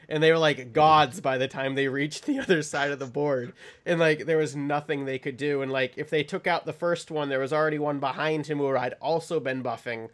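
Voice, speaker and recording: Rambling, chatty podcast host man. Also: on the high side. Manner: rambling, many ums, laughs while telling stories. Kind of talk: casual chat.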